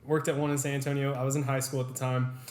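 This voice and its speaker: A man's voice: medium pitch, quick pace. Young man telling stories in an echoey room. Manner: animated, swears freely, acts out quotes. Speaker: podcast co-host. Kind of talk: casual storytelling chat.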